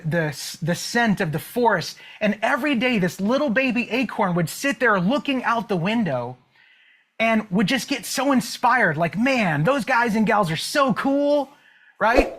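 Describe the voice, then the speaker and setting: A man's voice: high voice, lively intonation, moderate pace, fairly bright tone. A man coaching an online audience, telling a motivational story. He checks in often with "okay?" and "right?" and draws out key words for emphasis.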